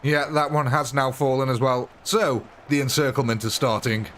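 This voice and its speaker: A man's voice: medium pitch, fairly even intonation, normal speed, fairly bright tone, a little hiss or hum. Chatty man streaming a game. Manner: chatty, amused, thanks viewers and answers chat. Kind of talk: live gameplay commentary.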